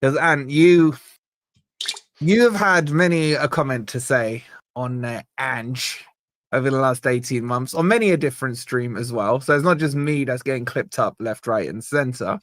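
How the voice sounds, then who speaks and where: An upbeat man hosting a live stream, chatting casually and reading out super chats with shout-outs. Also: mid-range voice, normal speed, dry recording.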